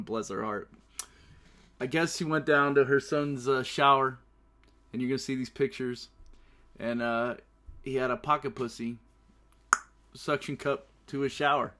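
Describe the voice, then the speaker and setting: A man's voice: medium pitch, a bit bright. A man hosting his own casual talk show, brash and profane, often laughing through his stories. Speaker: podcast host. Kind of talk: casual solo show commentary.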